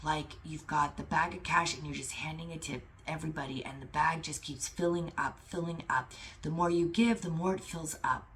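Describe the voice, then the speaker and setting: A woman's voice: low-pitched, fairly even intonation, moderate pace, fairly bright tone, slight background noise. A woman reading a spiritual lesson aloud and commenting on it in a fervent, emphatic way, with casual swearing. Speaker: spiritual teacher.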